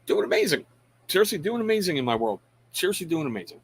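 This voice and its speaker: A man's voice: fairly high pitch, very animated, quick pace, slightly rough, low-quality recording. Rambling middle-aged male stream host. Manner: rambling, greets chat viewers by name; frank, self-deprecating. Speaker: live show host. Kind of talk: casual live-stream chat.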